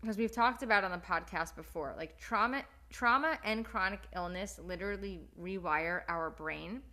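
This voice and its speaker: A woman's voice: mid-range voice, normal speed, pushed and bright. A woman hosting a podcast, chatting casually. She speaks directly to her listeners in an encouraging, heartfelt way and uses plenty of "like" as she talks. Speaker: podcast host.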